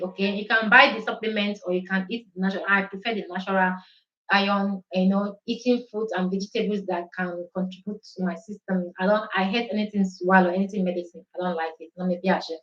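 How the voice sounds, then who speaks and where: A woman's voice: mid-range voice, a bit bright, roomy sound, dull audio. A Nigerian woman whose first language is Igbo, hosting a casual live-stream chat and mixing English, Pidgin and Italian in a chatty way.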